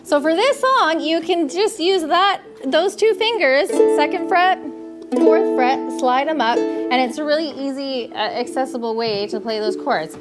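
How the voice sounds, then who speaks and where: A woman with a Canadian accent leads a ukulele class, patient and encouraging, checking in often. Her voice sits high and her pace is slow and careful. Loud ukulele strumming plays behind her. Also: animated, music in the background. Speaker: ukulele teacher. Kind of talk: live group music lesson.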